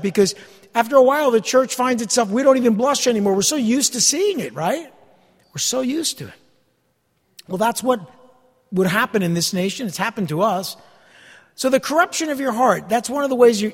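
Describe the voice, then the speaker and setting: A man's voice: high voice, in a large hall. A middle-aged male pastor giving a conversational sermon, acting out everyday anecdotes as he preaches.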